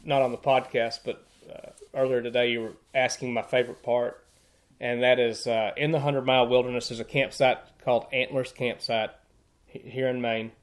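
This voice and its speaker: A man's voice: medium pitch, little pitch movement, normal speed. A man, a podcast guest, telling hiking stories in a casual, earnest and chatty way, with frequent restarts. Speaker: podcast guest, thru-hiker. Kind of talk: casual storytelling conversation.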